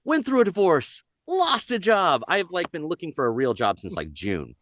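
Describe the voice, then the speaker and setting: A man's voice: on the high side, moderate pace, dry recording, clean studio sound. A man, a voice actor, talking casually on a podcast and breaking into voices. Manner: animated, jumps into voices.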